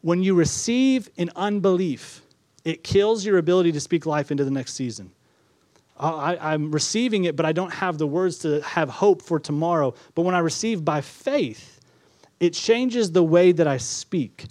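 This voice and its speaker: Male pastor preaching a sermon, higher-pitched voice, dry close sound, repetitive emphatic delivery. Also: lively intonation, normal speed, no room sound. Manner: preaching with repetition, rising to emphatic then dropping soft.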